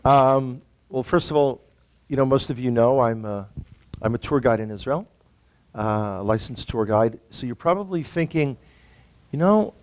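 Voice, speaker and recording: A man's voice: mid-range voice, normal speed, no room sound. A man from the Bronx with a New York accent, a tour guide and guest talking casually and joking on a video call. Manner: animated, joking asides. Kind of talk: casual conversation.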